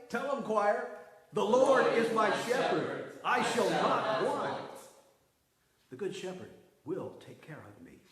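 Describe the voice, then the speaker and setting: Man preaching a sermon in an echoey room. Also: high voice. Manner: emphatic preaching with swings from loud to hushed. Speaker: pastor. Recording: roomy echo.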